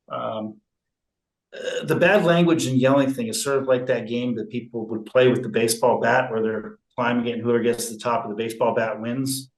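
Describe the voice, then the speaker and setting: A man speaking in an interview about conflict resolution, slow and measured, with frequent fillers and restarts. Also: medium pitch, echoey room, low-quality recording. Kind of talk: relaxed interview talk.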